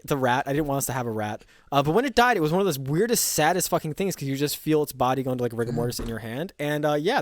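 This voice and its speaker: A man co-hosting a game-dev podcast, telling rambling, swearing anecdotes in casual chat. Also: on the high side. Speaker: podcast co-host.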